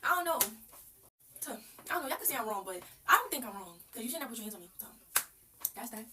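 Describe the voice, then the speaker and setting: A young woman tells a story-time at a quick clip in a bright, raised voice. Her manner is slangy and blunt. The mic sits a little away from her, with a faint hiss underneath. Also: fairly high pitch, very animated, far from the mic. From New York. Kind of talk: casual story-time monologue.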